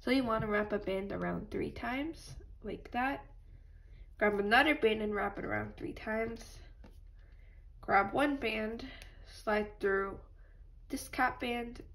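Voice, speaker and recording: A woman's voice: on the high side, slow, gravelly, pauses often, fairly bright tone. Stuffy-nosed woman teaching a craft. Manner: patient, apologetic instructions. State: stuffy nose from allergies. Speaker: craft tutorial host. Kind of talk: step-by-step crafting tutorial.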